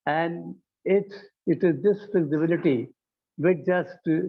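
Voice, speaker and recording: A man giving a formal conference speech, halting and self-correcting, often saying "you see". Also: fairly high pitch. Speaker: conference speaker. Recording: tinny phone-like sound.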